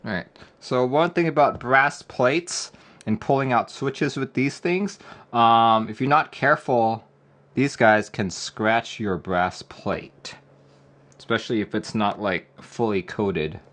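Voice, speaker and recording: Laid-back male streamer, slow talk. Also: medium pitch, fairly bright tone. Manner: laid-back, joking with chat, often laughing. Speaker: keyboard build streamer. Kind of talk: casual live-stream chat.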